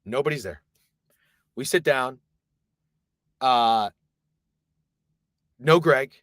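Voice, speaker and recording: A man streaming live, telling a long rambling story in casual, profane, animated talk. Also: medium pitch, drawn-out words, no echo, clean studio sound.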